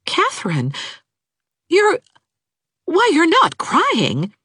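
A woman's voice: medium pitch, wildly swooping pitch, normal speed, fairly bright tone, breathy edge, no room sound, studio quality, voice pushed up, exaggerated voice. Woman doing an earnest, eager young woman. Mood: alarmed. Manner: earnest, imploring. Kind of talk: audiobook character voice.

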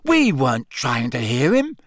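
A man's voice: on the high side, very animated, moderate pace, no room sound, clean studio sound, voice pushed up. A man voicing a blunt, indignant teenage schoolboy.

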